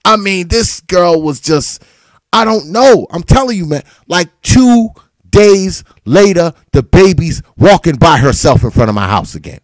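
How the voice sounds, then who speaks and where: This live talk stream host has a high-pitched voice and a measured pace, and he tells his story in an animated, profane way, cursing freely as he works himself into outrage. The sound is dry with no room tone.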